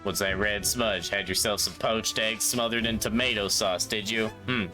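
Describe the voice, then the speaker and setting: A man doing a gruff hard-boiled detective. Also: fairly low pitch, steady tone, moderate pace, sharp tone, faint music behind, voice pushed down. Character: gruff hard-boiled male detective, tough, world-weary.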